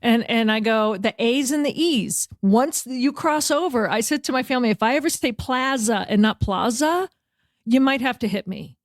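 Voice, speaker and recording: A woman from the South Shore of Massachusetts hosting a podcast, chatting in a lively, animated way with lots of quoted asides. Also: on the high side, normal speed, no echo. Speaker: podcast host. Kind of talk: casual interview chat.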